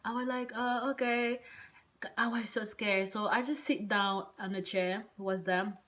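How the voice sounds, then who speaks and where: A woman vlogger telling a personal story in a casual, rambling way, full of hesitant fillers and soft whispered asides. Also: medium pitch, flat delivery, normal speed.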